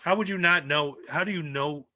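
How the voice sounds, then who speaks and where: A man's voice: on the high side, normal speed, sharp tone, dry recording. A man in casual podcast chat, arguing his point with pressing questions. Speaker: podcast guest.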